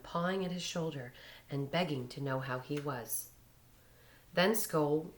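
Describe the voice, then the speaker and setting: A woman reading a short story aloud in a measured storytelling manner. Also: deep voice. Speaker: reader.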